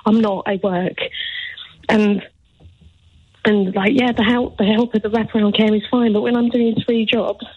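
A woman's voice: mid-range voice, fairly even intonation, moderate pace, long pauses, slightly rough. A woman calling a radio phone-in, emotional and close to tears, pleading. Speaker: caller. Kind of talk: phone-in call. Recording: dull phone line.

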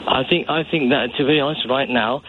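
A man's voice: medium pitch, fairly even intonation, fairly quick. A man calling a radio phone-in, earnest, peppering his talk with "you know". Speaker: caller. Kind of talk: phone-in call. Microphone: phone call. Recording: tinny phone line with faint noise.

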